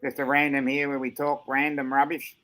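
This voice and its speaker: A man's voice: mid-range voice, monotone, fairly quick, sharp tone. A man co-hosting a live chat with easygoing banter. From Australia. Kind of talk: casual chat.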